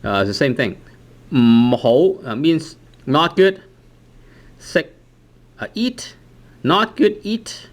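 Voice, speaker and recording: A man's voice: on the high side, sing-song, slow pace, long pauses. A man explaining grammar to learners, with frequent "uh" restarts, who checks in with "right?" after nearly every phrase. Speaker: language teacher.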